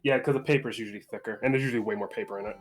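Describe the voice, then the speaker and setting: Brief: man, mid-pitch, mumbled deadpan asides, light guitar music behind. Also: very fast. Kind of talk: casual livestream chat.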